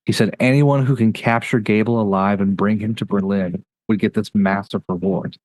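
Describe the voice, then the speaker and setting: Low-voiced man chatting on a podcast. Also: steady tone, a little mellow, dry recording. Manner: chatty, rattles off facts in quick bursts. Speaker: podcast host. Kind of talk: casual review chat.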